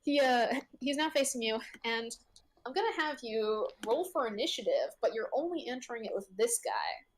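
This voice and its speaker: A woman running a tabletop game as game master, her voice sitting a little high. She narrates the scene haltingly, with plenty of fillers, and laughs often. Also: animated, a little hiss or hum.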